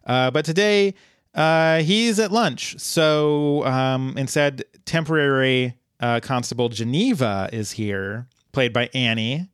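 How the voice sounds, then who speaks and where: A male podcast co-host talking through a TV episode in a loose, halting, chatty way, often restarting his sentences. His voice sits mid-range and comes through dry and close, with no room sound. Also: medium pitch, fairly bright tone, clear, resonant tone, dry recording. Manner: chatty, halting, many restarts and fillers, laughs easily. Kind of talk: casual TV episode recap chat.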